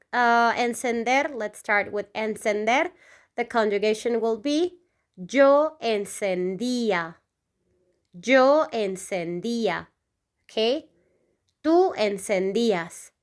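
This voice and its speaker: A woman with a slightly raised voice teaches Spanish at an unhurried pace. She pronounces each conjugation clearly, then repeats it. She checks in with "okay?" after nearly every point. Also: fairly high pitch, a bit bright. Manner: repeats each word twice, frequent "okay?" check-ins. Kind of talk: slow, repetitive language lesson.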